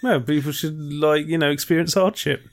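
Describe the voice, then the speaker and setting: A man's voice: on the high side, steady tone, normal speed. A man co-hosting a casual podcast chat, making dry offhand quips and restarting his sentences as he rambles. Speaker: podcast co-host.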